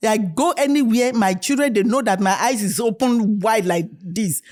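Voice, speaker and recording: Casting note: middle-aged African-born woman guest, fairly high voice, lively storyteller voicing the people she quotes. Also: normal speed. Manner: animated storytelling, acts out dialogue. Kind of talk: candid conversation.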